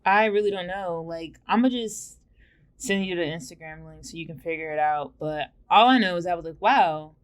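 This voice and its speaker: A woman's voice: fairly low pitch, brisk. A young adult woman co-hosting a podcast, chatting casually with a blunt, sassy and playful manner. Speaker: podcast co-host. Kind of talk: casual chat.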